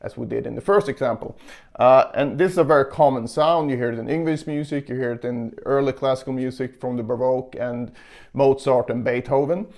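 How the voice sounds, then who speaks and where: A young man teaching a casual guitar lesson, explaining technique in a relaxed way and counting beats aloud. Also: medium pitch, brisk. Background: guitar playing.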